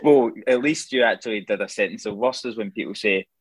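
Man, rambling casual storyteller, low pitch, dry sound. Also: brisk, breathy edge, no room sound. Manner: rambling storyteller, laughs often. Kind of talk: casual chat.

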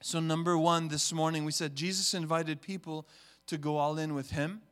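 A man with a high, smooth, resonant voice preaches a sermon to his church. He swells into loud, emphatic peaks and slips into little voices when he tells family stories. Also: steady tone, moderate pace. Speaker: pastor.

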